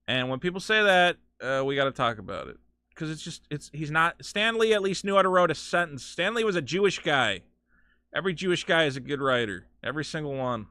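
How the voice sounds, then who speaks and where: A man's voice: a little high, sing-song, fairly quick, pushed and bright, clean tone, no echo. A man hosting a live game stream, ranting with profane, sarcastic commentary from his home setup. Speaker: streamer host.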